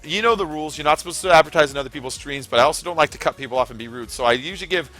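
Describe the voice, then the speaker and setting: With faint music behind him, a man speaks rapid-fire in a slightly high, bright, forceful voice. He streams a racing game and chats straight to his viewers, rambling and filling his casual live commentary with fillers.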